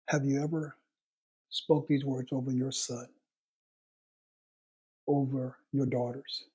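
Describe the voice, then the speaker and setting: A man preaching an earnest sermon, slowing down and repeating words for emphasis. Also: on the high side, darkish tone, slightly rough.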